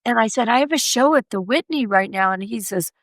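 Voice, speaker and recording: Lively woman sculptor telling a story. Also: fairly quick, no room sound. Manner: animated, acts out quoted voices in a raised pitch. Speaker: sculptor, podcast guest. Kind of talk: anecdotal storytelling in conversation.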